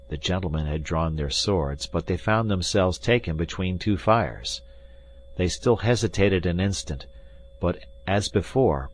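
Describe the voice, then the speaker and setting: A man reading a classic adventure novel aloud as an expressive audiobook narrator. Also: deep voice. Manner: expressive storytelling. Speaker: audiobook reader.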